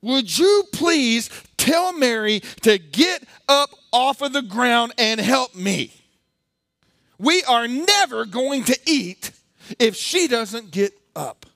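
A man acting out an angry, exasperated woman who is pleading loudly and shrilly while she hosts guests. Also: a little high, normal speed, no room sound, clean studio sound, lightly acted.

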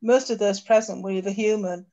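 A woman's voice: medium pitch, brisk. Woman reading her own story. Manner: steady narration with occasional slips. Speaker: author reading her fiction. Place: home, video call. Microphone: computer mic on a video call. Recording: dull lo-fi video call audio.

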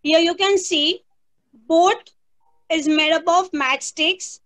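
A woman's voice: extremely high pitch, steady tone, takes it slowly, a bit bright, low-quality recording. A woman, teaching young children an online lesson, patiently repeating prompts and imitating animal sounds. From India. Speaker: primary school teacher.

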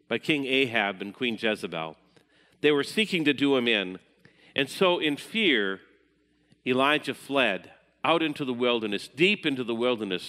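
Measured pastor in a reverberant hall. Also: male voice, medium pitch. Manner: measured, dropping to a hushed voice at times. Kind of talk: sermon.

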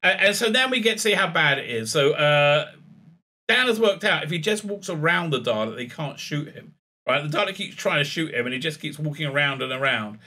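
A man with a raised pitch and a very bright, sharp tone hosts an offhand spoken recap of a TV episode. His delivery is sarcastic and animated, full of "uh"s and restarts. He keeps slipping into quick voices for the lines he quotes. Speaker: TV episode reviewer, channel host. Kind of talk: casual spoken recap and review.

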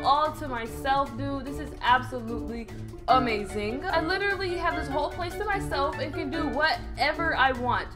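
A woman's voice: sits high, lively intonation, normal speed. A woman casually narrating a game roleplay, slangy and reactive, reading out other players' lines. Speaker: gaming video creator narrating a roleplay. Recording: background game music.

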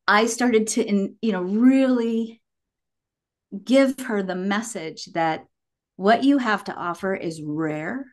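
Animated middle-aged woman telling stories. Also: a little high, unhurried. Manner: animated storytelling, acts out quotes. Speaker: guest. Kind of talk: casual podcast chat.

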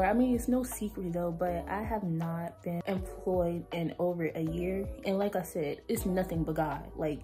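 A young woman talking casually in a vlog, reflective and chatty, filling her talk with "like". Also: on the low side. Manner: chatty, many "like" fillers, reflective. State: out of breath. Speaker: vlogger.

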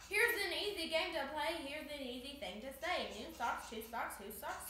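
A woman's voice: high voice, animated, normal speed, few pauses, background noise. A woman reading tongue twisters from a children's book aloud, often stumbling over the words and laughing at herself. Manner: giggly, self-mocking, trips over words. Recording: echoey room.

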